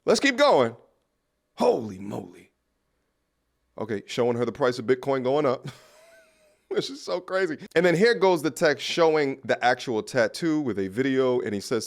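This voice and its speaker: A man's voice: mid-range voice, sing-song, moderate pace. A man hosting a casual commentary video, laughing and mocking in a blunt, profane way.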